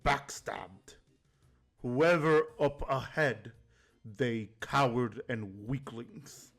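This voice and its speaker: A man's voice: medium pitch, very slow, creaky, fairly bright tone, full character voice. A man doing a blunt, scornful orc warrior woman. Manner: broken clipped speech.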